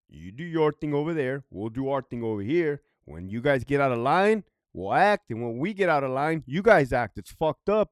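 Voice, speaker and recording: A man on a casual vlog tells a story bluntly and swears constantly. His voice sits a little high for a man and leaps around with a lot of movement, and the sound is close and dry with no room echo. He drops from loud outbursts to low mutters and chuckles between points. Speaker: vlogger, prison guard commentator.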